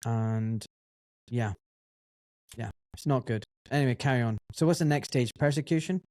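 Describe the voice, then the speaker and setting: A man hosting a podcast interview, summarizing his guest and telling stories in a lively, chatty way. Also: medium pitch, moderate pace, no echo. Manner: summarizes and tells stories, animated. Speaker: podcast host. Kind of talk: casual interview chat.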